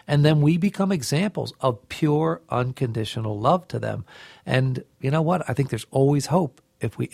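A man's voice: mid-range voice, vocal fry, a little mellow, no room sound, studio quality. A middle-aged man sharing an earnest, heartfelt devotional reflection and often restarting his phrases. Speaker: co-host of a faith reflection show.

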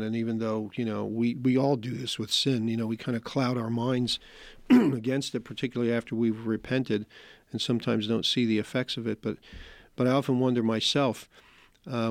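Flat-voiced man reflecting thoughtfully. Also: medium pitch, no echo. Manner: thoughtful, hesitant, searching for words. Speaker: host of a scripture reflection. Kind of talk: casual reflective talk.

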